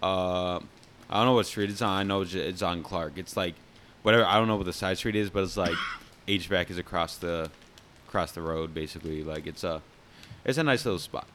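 Deep-voiced young man, laid-back chat. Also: fairly quick, fairly bright tone, a little hiss or hum. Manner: laid-back, rambling, teasing. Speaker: podcast co-host. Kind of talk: casual podcast chat.

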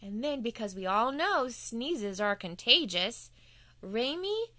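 A woman's voice: fairly high pitch, very animated, takes it slowly, bright, forceful tone, no echo. A woman telling a playful bedtime story to children as the show's host.

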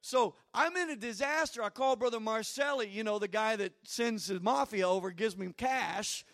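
High-voiced preacher building to shouts. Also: male voice, moderate pace, few pauses. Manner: storytelling that builds to shouted climaxes. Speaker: pastor. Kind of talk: sermon.

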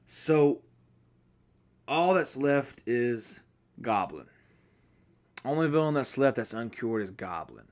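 A man's voice: medium pitch, takes it slowly, pauses often. A man hosting a podcast, recapping a film from memory in a loose, rambling way, restarting and correcting himself as he goes. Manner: speaks from memory, apologetic and excitable. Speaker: podcast host. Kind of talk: casual spoken movie recap.

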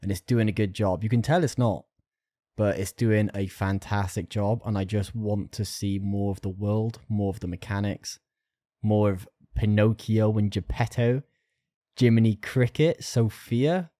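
A man co-hosts a gaming podcast and gushes about a game in a casual, excited way. His voice is low and mellow. The recording is dry and close. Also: measured pace, no room sound. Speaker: podcast co-host. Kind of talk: casual chat.

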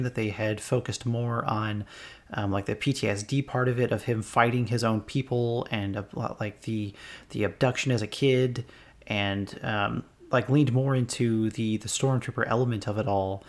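A man co-hosting a relaxed podcast chat in an ordinary mid-range voice. He works through his thoughts in a hesitant, halting way. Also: medium pitch. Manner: hesitant, many fillers and restarts while thinking aloud. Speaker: podcast co-host. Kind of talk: casual podcast discussion.

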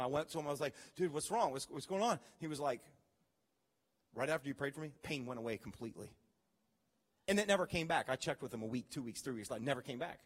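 Male pastor preaching to a church, animated storyteller, slightly high voice, long hall reverb. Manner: animated storytelling, acts out his own reactions. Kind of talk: sermon.

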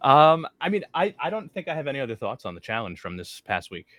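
A man's voice: mid-range voice, big pitch swings, fast talker, a bit bright, no room sound. A man co-hosting a podcast, chatting casually with lots of fillers and restarts. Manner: rambling, heavy on fillers and restarts. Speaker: podcast co-host. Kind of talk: casual recap chat.

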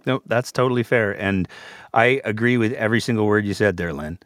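A man with a somewhat low voice hosts a political podcast, talking casually. He tends to ramble and circle back. The recording is dry and close. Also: fairly quick, fairly bright tone, dry recording. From Alberta, Canada. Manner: rambling, with fillers and restarts. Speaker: podcast host.

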